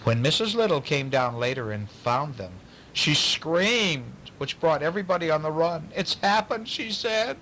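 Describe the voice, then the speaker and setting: A man reading a bedtime story aloud to a child, pausing to ask questions in a playful way. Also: a little high, expressive, bright, forceful tone, a little hiss or hum, low-quality recording.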